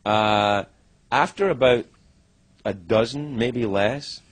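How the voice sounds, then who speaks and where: A middle-aged man telling career stories as an interview guest, animated and profane, acting out what others said. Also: medium pitch, slow. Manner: animated, profane, acts out other people's lines. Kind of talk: candid storytelling interview.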